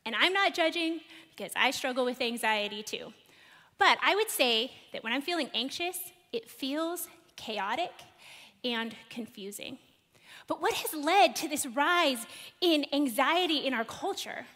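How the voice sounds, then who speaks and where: A woman in her thirties preaching a sermon, telling a personal story and asking the congregation questions with animated delivery. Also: high-pitched, a little slow. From United States. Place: large church hall. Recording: long hall reverb.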